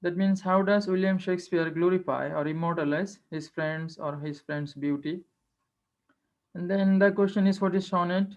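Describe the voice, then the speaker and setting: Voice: medium pitch, steady tone, moderate pace. A teacher giving an online lecture, explaining step by step and repeating key phrases. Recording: dull lo-fi online class recording.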